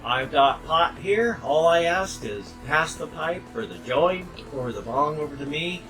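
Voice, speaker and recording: An older man chatting casually to his webcam at home, rambling and tangential, with sudden loud bursts. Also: a little high, lively intonation, measured pace, faint music behind, poor audio. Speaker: vlogger.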